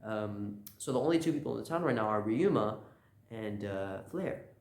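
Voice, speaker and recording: A man's voice: lowish voice, expressive, moderate pace, a little mellow. A man casually recapping a manga chapter, rambling with lots of "uh" and "like" and slipping into quoted lines. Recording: roomy echo.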